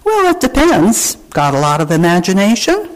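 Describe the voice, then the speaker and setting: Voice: medium pitch, wildly swooping pitch, moderate pace, big-room sound, poor audio. A preacher voicing a kindly stepfather in a children's story read aloud to a congregation. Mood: encouraging. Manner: cheerful, encouraging. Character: kindly, upbeat stepfather of a boy.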